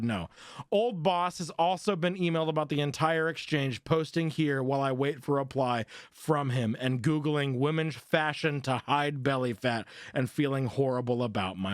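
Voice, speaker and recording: A man with a high voice hosts a stream, reading posts aloud. He swears freely and bursts into loud, animated reactions. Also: no echo, studio quality. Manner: profane, animated, laughs a lot. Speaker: streamer host.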